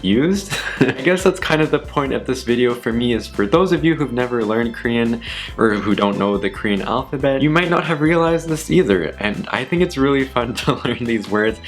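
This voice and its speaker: Young man, casual vlogger, self-deprecating, laughs a lot, slow repeated words, faint background music. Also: mid-range voice. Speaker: YouTuber. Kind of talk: casual vlog, word list.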